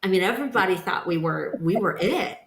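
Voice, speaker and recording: A woman's voice: mid-range voice, animated, brisk, gravelly, a bit bright, slight background noise. A woman sharing her personal story as a podcast guest, speaking in an earnest, emphatic way. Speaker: guest, nonprofit founder. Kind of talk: personal testimony in a podcast interview. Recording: roomy echo.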